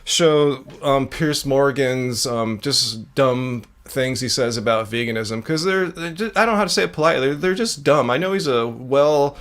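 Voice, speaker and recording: A man's voice: medium pitch, normal speed, few pauses, fairly bright tone. Californian guy, casual guest on a video call, loose and chuckly. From California, USA. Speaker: guest panellist.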